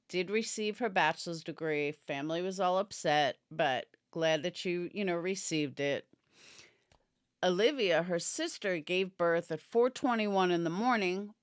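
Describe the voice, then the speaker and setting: A woman's voice: lowish voice, smooth, no room sound, studio quality. A woman giving opinionated casual commentary on a true crime case, answering viewers by name and yawning as she talks. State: yawning, tired. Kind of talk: casual live-stream commentary.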